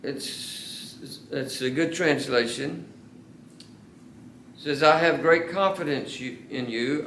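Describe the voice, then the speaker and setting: Earnest male pastor mid-sermon, drawn-out emphasis; reverberant church sound. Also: fairly high pitch, creaky, fairly bright tone, slight background noise. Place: church sanctuary. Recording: echoey church room.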